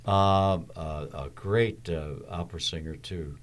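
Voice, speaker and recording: An older man from Philadelphia, a podcast host, telling stories in a halting, rambling way full of fillers. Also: deep voice. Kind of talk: casual podcast chat.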